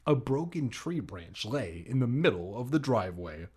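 Husky man reading a storybook aloud. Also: medium pitch, sing-song, moderate pace, darkish tone. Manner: jokey asides while reading. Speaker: reader. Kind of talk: reading a children's book aloud.

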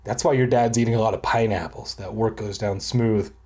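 A man's voice: lowish voice, fairly even intonation, fairly quick, mellow, a little hiss or hum, natural voice. A man doing an impatient scientist mom. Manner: impatient, clipped. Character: impatient busy scientist mother.

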